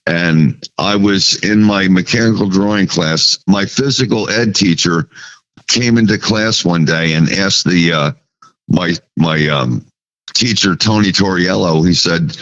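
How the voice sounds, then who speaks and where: A man's voice: deep voice, unhurried, a bit bright, lo-fi sound. A man from New Jersey, a sign painter, recalling his early days as a podcast guest and acting out the dialogue in his story. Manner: recounts memories, acting out quoted dialogue. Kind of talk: casual storytelling.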